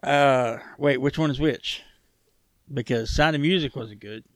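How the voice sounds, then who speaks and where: A man's voice: medium pitch, measured pace, no room sound. A man co-hosting a casual podcast chat, stubborn and sarcastic, who swears freely and argues for fun. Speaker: podcast co-host.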